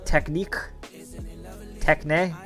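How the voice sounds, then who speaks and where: A man's voice: a little high, level tone, drawn-out words, a bit bright, soft background music. A young Irish man hosting a live stream, chatting casually and rambling as he answers viewers' comments. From Ireland. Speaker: livestream host.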